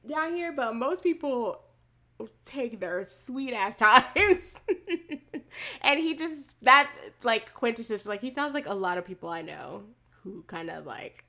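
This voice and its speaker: Chatty woman with a bright voice. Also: fairly high pitch, animated, measured pace. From Texas. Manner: chatty, frequent "like" and "um" fillers, laughs easily. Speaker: podcast co-host. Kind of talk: casual chat.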